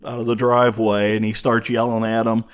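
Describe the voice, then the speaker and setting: A man's voice: lowish voice, flat delivery, fairly quick, clear, resonant tone. A man co-hosting a podcast, casually retelling a movie plot with many fillers. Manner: easygoing, filler-heavy storytelling. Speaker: podcast co-host. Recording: slightly dull, muffled audio.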